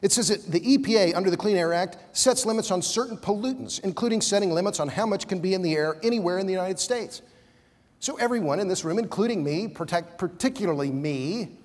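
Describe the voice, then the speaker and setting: A man's voice: high-pitched, fast talker, darkish tone. Fired-up man debating in a reverberant hall. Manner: combative, emphatic, stammers when worked up. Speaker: debate panelist. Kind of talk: conference debate argument. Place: conference hall. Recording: long hall reverb from a conference stage.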